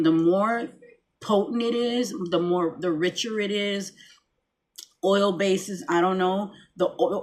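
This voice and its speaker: A middle-aged woman talking casually to her camera at home, rambling with many restarts. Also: on the low side. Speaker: vlogger. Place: home room, lights dimmed.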